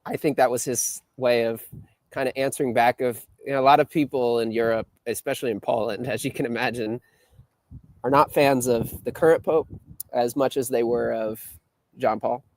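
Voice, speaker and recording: Casting note: male host, middle pitch, dry close sound, measured and lightly professorial. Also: steady tone, no echo. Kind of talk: casual political chat.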